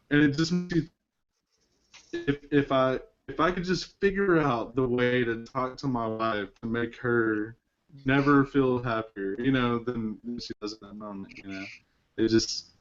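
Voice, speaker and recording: A man hosting a casual film discussion, rambling with lots of fillers and restarts. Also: mid-range voice. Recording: dull lo-fi recording.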